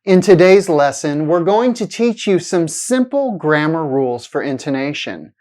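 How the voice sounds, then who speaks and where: Low-voiced woman teaching pronunciation. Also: expressive, warm tone. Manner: clear, deliberate, exaggerated intonation in examples. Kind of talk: scripted lesson narration.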